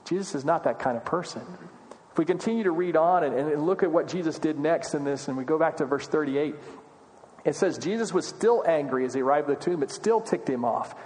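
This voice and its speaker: Male pastor, slightly high voice, earnest conversational sermon, long hall reverb. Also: brisk, darkish tone. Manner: earnest, conversational preaching with rising questions.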